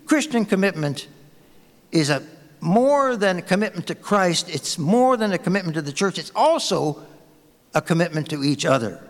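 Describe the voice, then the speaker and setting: Pastor, male, sermon: anecdotal and conversational, animated, a little high, in a long-reverb hall. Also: moderate pace. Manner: storytelling, conversational, warm anecdotes.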